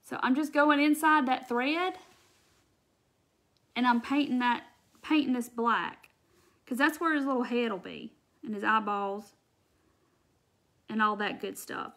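Woman hosting a live craft demo, talkative and direct with viewers, bright, forward tone. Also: fairly high pitch, a little slow, long pauses. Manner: chatty, addresses viewers directly and answers comments. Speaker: craft tutorial host.

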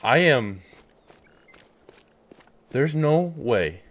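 A man's voice: low-pitched, slow, pauses often. Nervous man commentating a hunting game. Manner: excitable, swears, swings between hushed whispers and loud outbursts. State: nervous, shaking. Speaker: gamer playing a hunting game. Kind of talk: live gameplay commentary.

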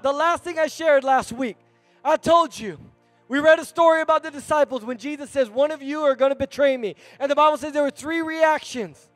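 A male pastor preaching a sermon in a church, animated and conversational, calling out to the congregation. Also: very high-pitched, a little fast, dry recording, faint music behind.

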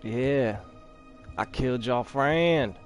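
A man's voice: medium pitch, slow pace, soft background music. A man hosting a video game let's play, trash-talking and laughing at the enemies he fights. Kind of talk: gameplay commentary.

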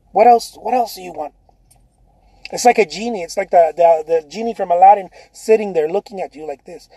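Animated man with a high voice. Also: unhurried, long pauses. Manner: animated, repetitive, emphatic. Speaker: artist. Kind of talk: casual motivational talk.

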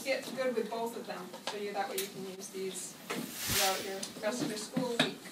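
A woman's voice: medium pitch, normal speed. A woman teacher walking a class of children through an app, step by step, in an upbeat, explaining way. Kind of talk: classroom demonstration. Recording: echoey classroom, camera far off, noisy.

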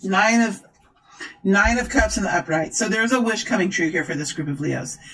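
Excitable tarot reader calling out cards. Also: mid-range voice, moderate pace, rough recording. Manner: excitable, exclaims and gushes. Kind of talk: tarot reading to camera.

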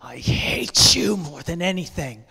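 A man's voice: on the high side, sing-song, a little slow, vocal fry, bright, forceful tone, breathy edge, exaggerated voice. A male preacher voicing a bitter, defiant young enslaved woman in a sermon story, her words hissed through clenched teeth or cried out. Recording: long church hall reverb.

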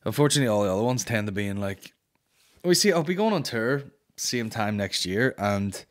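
A Northern Irish man hosting a comedy podcast, reading listener questions and telling stories in a blunt, sweary, animated way. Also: lowish voice, brisk. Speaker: podcast host and stand-up comedian.

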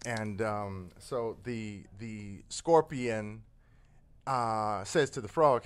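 A man telling a fable in an animated, conversational way during a discussion show. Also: lowish voice, very slow, smooth. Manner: animated, conversational, with filler words. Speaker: panel guest. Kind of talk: storytelling in a discussion.

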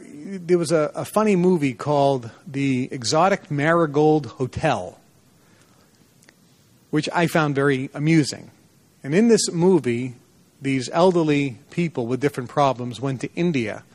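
A man's voice: fairly high pitch, a little slow. A man giving a motivational seminar lecture to a live audience, telling personal stories and acting out the dialogue in them. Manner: animated storyteller, acts out dialogue in a lively voice.

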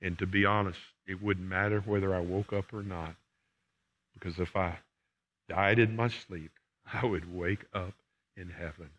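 A man's voice: deep voice, fairly even intonation, measured pace, a bit bright, dull audio. An older man, a pastor preaching a sermon and then praying, emphatic and repeating phrases for emphasis. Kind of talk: sermon and closing prayer. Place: church sanctuary.

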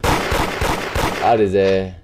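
A man hosting a gaming video who plays a boastful rich penguin in voice chat, talking in a brash, mocking, trash-talking way with loud bursts. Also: sits low, flat delivery, very slow, a crowd in the background. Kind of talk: in-game voice chat role-play.

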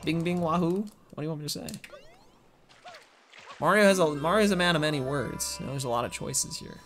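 A man's voice: on the high side, animated, a little fast, fairly bright tone, soft background music. A young man speedrunning a game on a live stream, chatting casually and making self-deprecating jokes to his viewers.

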